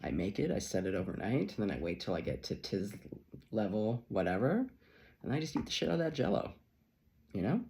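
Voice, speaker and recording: A man's voice: fairly low pitch, sing-song, brisk, vocal fry, darkish tone. A man reading tarot who tells a long, rambling personal story in a chatty vlog, swearing casually and laughing often. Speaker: tarot reader.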